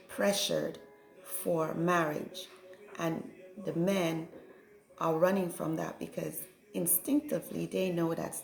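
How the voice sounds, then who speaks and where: A woman's voice: lowish voice, creaky, darkish tone. A woman giving a reflective, preachy spiritual monologue and often checking in with "right?". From Caribbean. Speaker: spiritual vlogger. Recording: echoey room with faint music.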